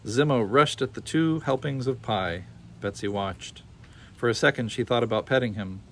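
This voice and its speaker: A man reading a children's picture book aloud with expressive, animated storytelling. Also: medium pitch, normal speed, a little hiss or hum. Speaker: storybook reader.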